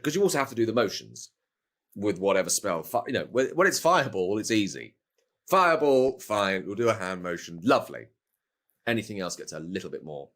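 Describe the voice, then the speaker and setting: Rambling British man, lowish voice. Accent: British English. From Britain. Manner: rambling, self-correcting, playful asides. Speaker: voice actor guest. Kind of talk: casual interview talk.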